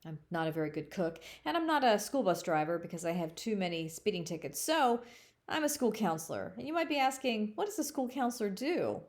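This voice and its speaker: A woman's voice: on the low side, very animated. Playful woman school counselor. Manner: playful, jokey, stretches words slowly for emphasis. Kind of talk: friendly recorded presentation to fifth graders.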